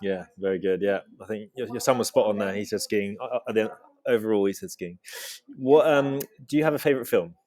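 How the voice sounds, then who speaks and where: A man's voice: on the low side, brisk, a little mellow. Guy asking casual interview questions, upbeat and encouraging. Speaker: podcast host interviewer.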